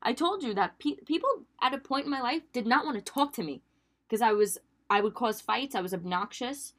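A woman's voice: on the high side, lively intonation, fairly quick. A woman co-hosting a casual podcast chat, teasing and chatty, often saying "like". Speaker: podcast co-host.

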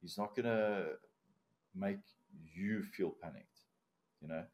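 A man's voice: fairly low pitch, wildly swooping pitch, takes it slowly, gravelly, darkish tone. A male commercial diver in a casual podcast interview, with a non-native accent, explaining procedures step by step in a blunt way and swearing casually. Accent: non-native English accent.

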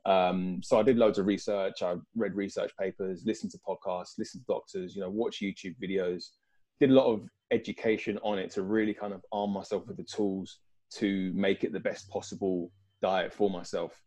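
Thoughtful London man, mellow low voice, speaking as a guest on a video call. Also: fairly even intonation, moderate pace. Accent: London English. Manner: reflective, earnest, thinks aloud. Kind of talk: casual video-call conversation.

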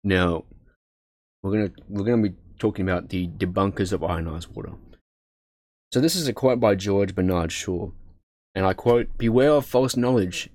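A man's voice: deep voice, moderate pace, darkish tone, dry recording. Man reading aloud with chatty asides. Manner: stumbles over words, swears and laughs at himself; reads aloud, then breaks into chatty asides. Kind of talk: casual reading from a book with asides.

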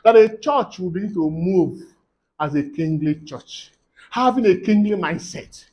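A man preaching a sermon, fervent, moving between quiet teaching and loud prayer declarations. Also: high voice, animated, measured pace, slightly rough.

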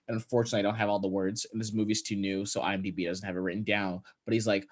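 A man's voice: fairly low pitch, fast talker, few pauses. Young male podcast co-host, casual and profane, recaps movie scenes and voices the characters' lines.

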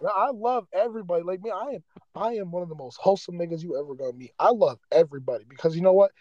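Racing through an emotional, heavily profane rant, a male podcast host rambles casually. His high-pitched voice is a little mellow, and the recording sounds dry and muffled.

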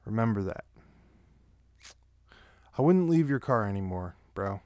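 A man's voice: lowish voice, lively intonation, measured pace, darkish tone, dry recording, clean studio sound. A man telling rambling personal stories in a casual way, swearing often. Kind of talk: casual storytelling.

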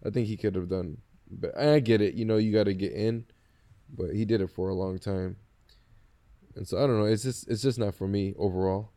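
A man with a low, mellow voice talks in a relaxed podcast conversation. He speaks hesitantly, circling his point with fillers and restarts. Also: brisk. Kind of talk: casual podcast chat.

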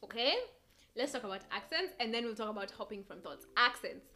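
Hosting a laid-back solo podcast, a young woman from Kenya speaks with a Kenyan English accent that drifts American. She sounds high-pitched, brisk, pushed and bright, with lively intonation, rambling from one thought to the next and laughing frequently.

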